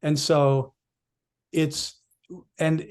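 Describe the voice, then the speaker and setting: A male coach telling an animated story in a casual podcast chat, with frequent restarts. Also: a little high, very slow, clear, resonant tone.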